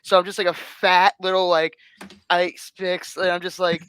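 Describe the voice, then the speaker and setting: High-voiced excitable comedian guest. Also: male voice, normal speed, clean tone. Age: 30s. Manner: excitable, acts out voices in his stories. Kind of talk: comic storytelling.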